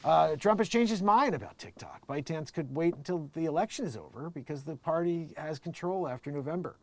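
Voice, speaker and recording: A man hosting his own talk video in a loose, rambling manner. His voice sits a bit high, and he laughs often and slips into put-on voices for the people he quotes. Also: a little fast, darkish tone. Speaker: video host. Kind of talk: casual political commentary.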